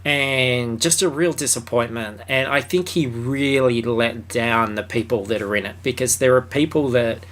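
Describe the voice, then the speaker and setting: A man's voice: medium pitch, normal speed, hardly any pauses, fairly bright tone. A man co-hosting a film review podcast, talking in a loose, rambling way with fillers, restarts and casual swearing. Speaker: podcast co-host.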